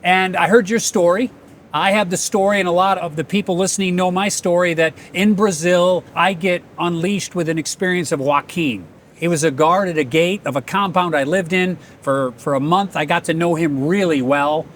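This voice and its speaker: A man's voice: high voice, fairly even intonation, moderate pace, fairly bright tone, a little hiss or hum. Earnest man hosting an interview. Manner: earnest and reflective. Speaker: host. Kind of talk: conversational interview.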